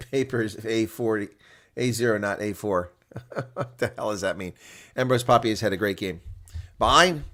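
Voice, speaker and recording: A man giving live reaction commentary on a rugby match, chatting to viewers and getting loudly excited on big plays. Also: fairly low pitch, normal speed, pauses often. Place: home setup streaming a reaction broadcast.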